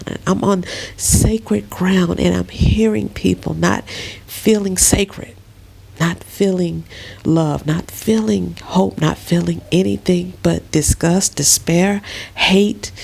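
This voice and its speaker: A middle-aged woman lying in bed in a dark bedroom, talking slowly and emotionally in a soft, often half-whispered voice. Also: fairly low pitch, vocal fry, breathy edge. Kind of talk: casual personal vlog.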